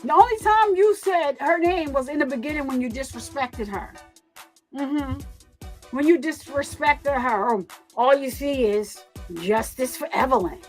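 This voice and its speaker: High-voiced woman doing emphatic crime commentary. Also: measured pace, soft background music. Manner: emphatic, repeats words, talks back to chat. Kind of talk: casual livestream commentary.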